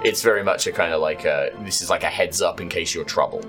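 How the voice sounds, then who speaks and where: Male dm narrating a tabletop game, lowish voice, rambly, soft music under it. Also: fast. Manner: rambling, filler-heavy description. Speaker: dungeon master.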